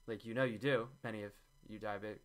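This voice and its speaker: A man's voice: lowish voice, fairly even intonation, fast talker. Rambling, joking man giving a recipe. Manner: jokey, rambling, often backtracks with "I'm kidding". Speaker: vlogger demonstrating a juice recipe. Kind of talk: joking, rambling how-to talk.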